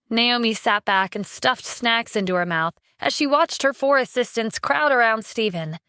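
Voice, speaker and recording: A woman narrating a scripted audio drama with steady storytelling. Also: on the high side, normal speed, hardly any pauses, smooth, dry recording, clean studio sound.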